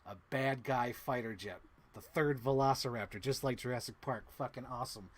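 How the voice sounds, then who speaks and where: A man hosting a podcast, excitedly retelling a movie plot to his co-host, swearing often and humming sound effects. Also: medium pitch, a little fast. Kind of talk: animated movie recap to a co-host.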